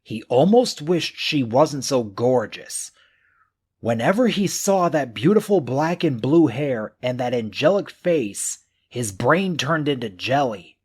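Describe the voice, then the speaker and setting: A man reading a mystery novel aloud as an audiobook narrator, with an expressive reading that acts out the characters' thoughts. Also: medium pitch, takes it slowly, breathy edge.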